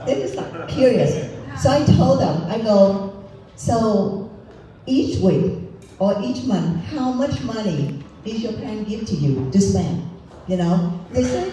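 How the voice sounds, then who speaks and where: A woman's voice: mid-range voice, animated, measured pace, mellow. Vietnamese-accented woman, echoey and distant. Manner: storytelling, acts out dialogue. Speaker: political candidate. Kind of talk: rally speech. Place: outdoor rally in a parking lot. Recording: echoey, distant mic, faint noise.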